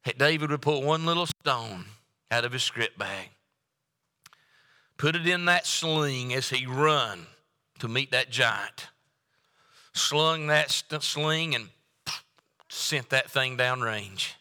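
Male pastor, fervent repetitive sermon delivery, bright resonant tone, church hall reverb. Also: medium pitch, animated, takes it slowly, pauses often, clean tone. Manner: preaching with rising fervor and repetition. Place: church sanctuary.

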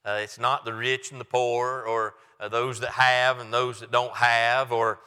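A man's voice: medium pitch, little pitch movement, unhurried, pushed and bright, clean tone, long reverb tail. A male pastor giving a sermon and reading scripture aloud, talking in a conversational way with frequent restarts. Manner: conversational with many restarts and fillers.

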